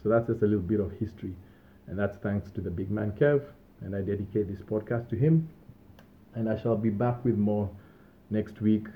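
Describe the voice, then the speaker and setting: A young man with a fairly low voice rambles easily through his stories as a podcast host, pausing on fillers and small laughs. The sound is thin and tinny, like a phone line. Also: steady tone. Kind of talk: casual storytelling monologue. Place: Australia.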